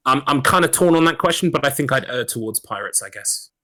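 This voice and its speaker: A man's voice: mid-range voice, lively intonation, fast, pushed and bright. A man racing in a video game, chatting casually on a live stream, rambling, self-deprecating and swearing freely. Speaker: speedrun racer.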